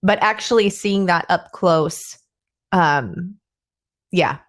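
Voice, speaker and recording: A woman's voice: fairly low pitch, slow pace. A woman hosting a podcast, asking her guest loose, curious questions in casual chat. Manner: curious, asks rambling questions. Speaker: podcast host.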